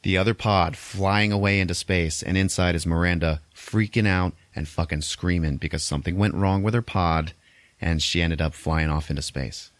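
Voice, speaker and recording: With a deep voice at normal speed and no echo, a man co-hosting a podcast walks through a movie plot casually, swearing heavily and crudely as he animatedly retells it.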